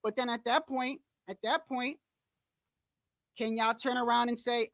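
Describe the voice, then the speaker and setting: A man's voice: very high voice, fairly even intonation, unhurried, pauses often, fairly bright tone, dry recording. A man hosting a boxing channel, ranting in a casual commentary style. He talks bluntly and emphatically, curses, repeats himself for emphasis, and speaks straight to his viewers. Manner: emphatic, repetitive, blunt and profane; addresses viewers directly, often says "bro".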